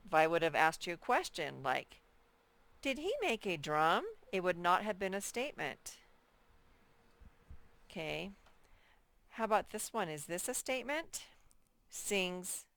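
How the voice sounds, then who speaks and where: A woman teaching a first-grade workbook lesson in a slow, patient way, repeating key points and reading example sentences aloud very slowly. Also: on the low side, sing-song, fairly bright tone. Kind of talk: recorded workbook lesson for children.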